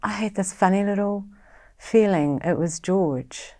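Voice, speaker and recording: A middle-aged woman with a New Zealand accent, a guest telling a personal story in an interview in a halting, reflective, soft-spoken way. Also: mid-range voice.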